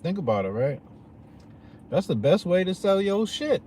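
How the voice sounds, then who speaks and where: A man's voice: high voice, moderate pace. Man ranting casually, faint traffic behind. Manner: animated, slangy, peppered with "you know what I'm saying". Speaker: vlogger. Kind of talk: casual profane rant to viewers.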